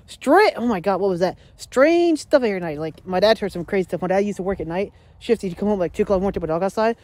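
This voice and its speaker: A woman vlogging casually at home, rambling excitedly and chatting to her pets. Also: mid-range voice, very fast. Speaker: daily vlogger. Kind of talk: casual rambling vlog chat. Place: at home, yard and indoors.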